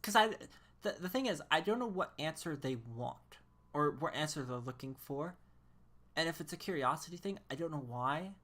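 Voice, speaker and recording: A woman with a low-pitched voice chats casually while live-streaming a game. She rambles and sounds incredulous, laughing often between her thoughts. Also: expressive, normal speed, fairly bright tone.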